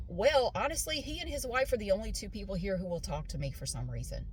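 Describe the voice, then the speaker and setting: A woman's voice: medium pitch, expressive, fast talker, hardly any pauses, breathy edge. A woman casually telling a personal story while driving, candid and swearing freely, and acting out the voices of people she quotes. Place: in a car.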